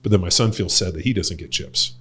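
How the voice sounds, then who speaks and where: A middle-aged podcast host and coach chats loosely and rambles, with plenty of fillers and blunt swearing. His low voice moves fast, and a crowd can be heard in the background.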